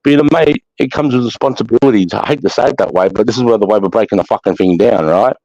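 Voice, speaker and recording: An Australian man hosts a live chat show, delivering a casual spoken monologue with blunt talk, heavy swearing and emphatic preaching. His voice is on the low side, fast and a little mellow. The audio is dull, lo-fi and dry, with no echo.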